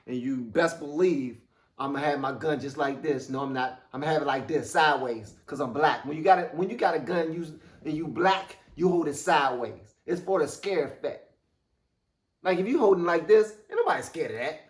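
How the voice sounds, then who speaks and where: A young adult man hosting a casual reaction video, excitable and profane, acting out scenes as he comments. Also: on the high side, brisk. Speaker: reaction channel host.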